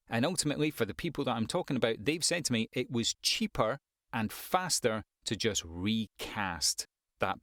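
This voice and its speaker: A man's voice: medium pitch, a bit bright, no echo, clean studio sound. A man who works as a voice-over actor and coach, giving frank, conversational advice with wry asides. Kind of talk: advice vlog to the camera.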